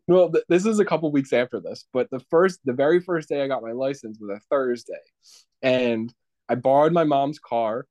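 A young man tells a rambling story in casual conversation, breaking into laughter again and again. His voice sits at an ordinary pitch. The sound is close and dry, with no room echo. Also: normal speed, a little mellow. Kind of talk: casual chat.

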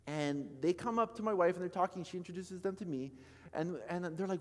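In a church sanctuary, a pastor in his thirties preaches a sermon, telling a story with acted-out quotes and swinging between loud and soft. His voice sits high and he talks fast and animatedly, with a long reverb tail.

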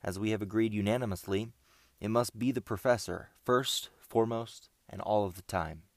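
A man's voice: fairly low pitch, no room sound, studio quality, lightly acted. A man playing a grave young scout leader. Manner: measured, serious.

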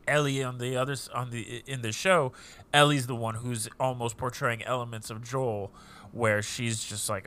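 Male podcast co-host, mid pitch, bright and forceful tone, chatty retelling that circles back on itself. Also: fairly even intonation, moderate pace, slight background noise. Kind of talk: casual chat.

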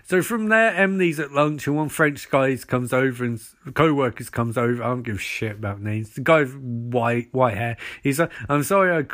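A man's voice: medium pitch, moderate pace, hardly any pauses, a bit bright. A man ranting through a sarcastic, profane recap of a TV show. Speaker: TV reviewer.

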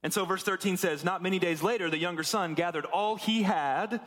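A man's voice: high voice, fairly quick, fairly bright tone. A man preaching, reading a Bible passage aloud and then explaining it in a casual, conversational way. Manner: reads scripture then explains it conversationally, acting out quotes. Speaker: pastor. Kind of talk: sermon with scripture reading.

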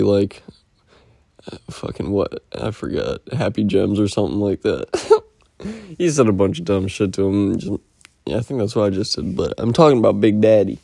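A man's voice: on the low side, moderate pace, creaky, warm tone, no room sound, clean studio sound. A man rambling through a casual, profane weekly update, telling stories and slipping into impressions. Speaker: podcast host.

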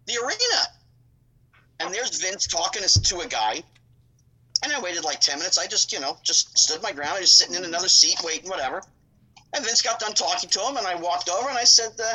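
Bright-voiced man telling a rambling story. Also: high voice, husky, rough recording. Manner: rambling, full of asides and acted-out dialogue. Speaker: guest. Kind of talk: casual storytelling.

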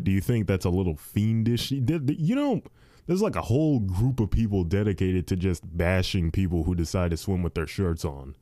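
A man's voice: deep voice, mellow, no echo, clean studio sound. A man ranting casually to his viewers, swearing freely and saying "dude" at every turn. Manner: swears a lot, says "dude" constantly, ranting. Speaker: dealership tire warehouse worker.

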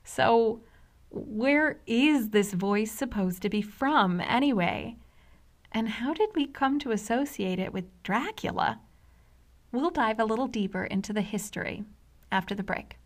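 A woman's voice: on the high side, animated, a little slow. A woman in her forties from the US hosting a scripted explainer podcast, wry and conversational with dry humor. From United States. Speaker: podcast host.

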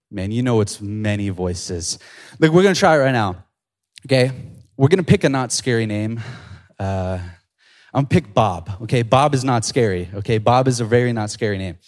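A young man giving a casual youth sermon, animated and excitable, full of slang as he retells and reads a scripture passage. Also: on the low side, normal speed. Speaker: youth pastor.

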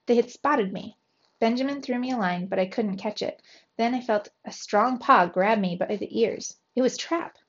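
A woman, a teacher, narrating a children's storybook aloud with lively expression. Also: a little high, normal speed, muffled recording.

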